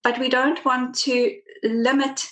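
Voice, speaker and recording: A woman podcast guest speaking in a reflective, measured conversational way. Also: high voice, level tone, fairly bright tone, reverberant.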